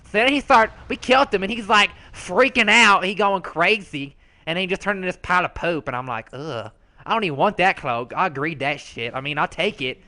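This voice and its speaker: A man's voice: high-pitched, lively intonation, brisk, pushed and bright, heavily acted. A man doing a sassy, foul-mouthed rogue. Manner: brash, slangy, profane storytelling. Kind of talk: comedic character commentary.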